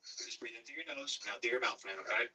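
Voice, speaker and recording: A man working as a police investigator, coaching someone through breathing with calming, coaxing instructions. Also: mid-range voice, fast, slightly rough. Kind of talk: interrogation room footage. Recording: distant room mic with faint noise.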